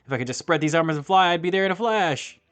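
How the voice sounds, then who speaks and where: A man voicing a burly shipwrecked sailor in a game, reading his lines in a loud, pushy buff voice. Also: fairly high pitch, lively intonation, fast, clean tone, voice pushed up. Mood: wistful. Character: burly shipwrecked male sailor, stranded and eager.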